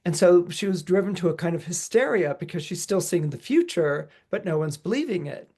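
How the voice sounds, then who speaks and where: A man's voice: sits high, a little fast, slightly rough. A middle-aged man, an astrologer, giving a podcast forecast in a loose, chatty way, full of "you know" and acted-out quotes. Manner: lively storyteller who acts out quoted voices.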